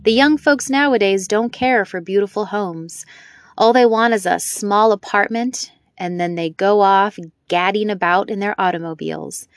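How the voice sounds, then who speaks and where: A woman's voice: mid-range voice, moderate pace, no room sound, close to an everyday voice. A woman reading the part of a lonely, proud elderly widow, speaking emphatically, in a dry recording. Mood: disapproving.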